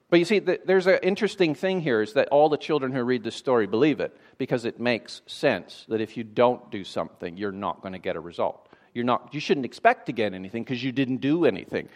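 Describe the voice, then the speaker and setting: A man's voice: medium pitch, animated, a little fast, few pauses, fairly bright tone. A man preaching a sermon in a conversational way, with dry sarcastic asides.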